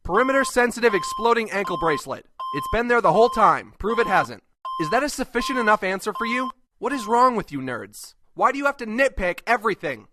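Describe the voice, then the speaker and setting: A man with a high voice and big pitch swings speaks fairly quickly, voicing a foul-mouthed, short-tempered cartoon host. Scornful and abrasive, the character mocks everyone in this comedic web cartoon voice acting.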